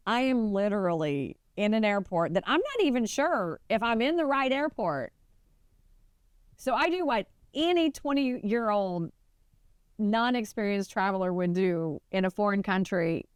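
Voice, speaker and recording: Woman, podcast co-host, casual storytelling, rambling, smooth voice, dry sound. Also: mid-range voice, no room sound. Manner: rambling, animated.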